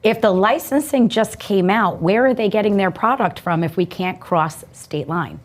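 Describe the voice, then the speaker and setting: A woman's voice: mid-range voice, moderate pace. A woman hosting an interview, asking friendly, curious questions. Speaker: interviewer, host. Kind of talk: conversational interview.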